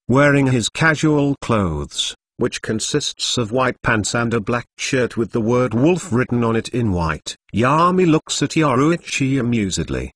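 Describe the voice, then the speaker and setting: A synthetic male voice reading a fan story aloud in a flat manner, sometimes speaking punctuation as words. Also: mid-range voice, no echo. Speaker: narrator. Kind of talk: text-to-speech story reading.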